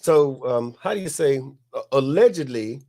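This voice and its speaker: A man's voice: medium pitch, lively intonation, moderate pace, mellow. Laid-back man telling a rowdy story. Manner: laid-back, profane, laughs at his own story. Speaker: podcast host. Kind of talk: casual storytelling.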